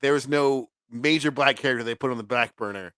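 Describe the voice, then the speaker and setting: A man's voice: medium pitch, fairly quick, pushed and bright, clean tone, no room sound, clean studio sound. A man co-hosting a podcast, chatting casually about movies, laughing often and swearing freely. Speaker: podcast co-host. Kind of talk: casual movie review chat.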